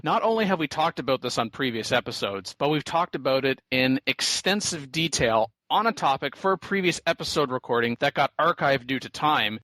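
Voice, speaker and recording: A man's voice: mid-range voice, bright, forceful tone, dry recording, low-quality recording. A man co-hosting a casual podcast panel, sarcastic and long-winded as he makes his points. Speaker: podcast host.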